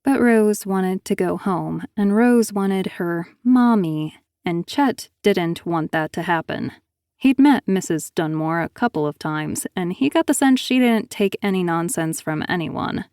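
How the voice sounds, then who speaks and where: A woman narrating an audiobook thriller in a steady, even storytelling manner on a close mic. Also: lowish voice, a little slow, smooth, no room sound.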